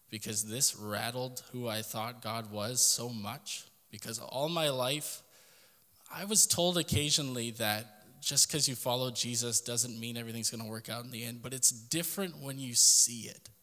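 A man's voice: mid-range voice, moderate pace, sharp tone, long reverb tail. A man hosting a podcast, giving an earnest devotional talk that speaks straight to the listener. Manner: earnest, direct address to listener. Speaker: podcast host.

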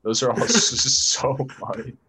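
A man's voice: mid-range voice, big pitch swings, moderate pace, crowd noise. A young man in easygoing casual chat who laughs often.

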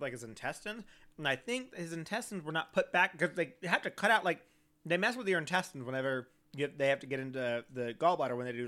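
A man's voice: on the high side, bright, forceful tone. A young man co-hosting a podcast, rambling casually with lots of fillers and swearing. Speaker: podcast co-host.

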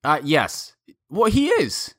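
A man's voice: a little high, huge pitch swings, slow, a bit bright, no room sound, clean studio sound. A man co-hosting a podcast in casual chat, talking thoughtfully and rephrasing as he goes. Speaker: podcast co-host.

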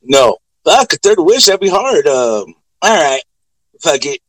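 A man chatting casually, relaxed and a bit hesitant, with casual swearing. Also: fairly high pitch, measured pace, dry recording, rough recording. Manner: laid-back, profane, hesitant. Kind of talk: casual chat.

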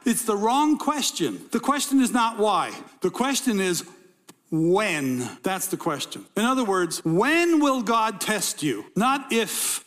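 A man's voice: sits high, fairly bright tone. A male pastor preaching a sermon, reading scripture and repeating key lines for emphasis.

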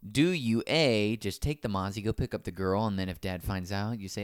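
With a clear, resonant, lowish voice, a man co-hosts a relaxed podcast, moving at a moderate pace with few pauses. He swears freely and animates his stories by suddenly switching into other people's voices, in studio-quality audio with no room sound.

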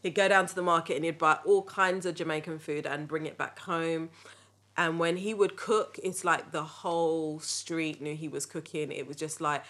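A woman hosting a podcast, telling family stories in a lively, laughing way. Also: low voice, moderate pace. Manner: lively, laughing, animated retelling. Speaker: podcast host. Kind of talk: casual storytelling chat.

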